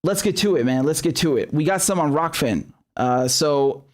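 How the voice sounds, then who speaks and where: A man hosting a live commentary stream, his voice sitting a little higher than most men's. He talks bluntly and swears freely, stumbling over restarts as he goes. He reads viewer messages aloud and answers them. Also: moderate pace. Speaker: show host.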